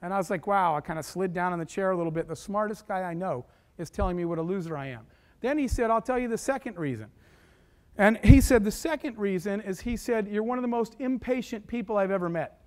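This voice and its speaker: A man's voice: high-pitched, fast talker. A man telling a long personal story to an audience as a keynote speaker, acting out the voices of the people he quotes. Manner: animated, acts out quoted voices. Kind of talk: storytelling talk.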